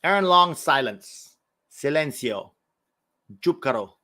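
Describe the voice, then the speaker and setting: A man's voice: a little high, animated, takes it slowly, bright, forceful tone. An American man hosting a live football watch-along, chatting casually with viewers and exclaiming at every chance. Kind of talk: live casual match commentary and chat.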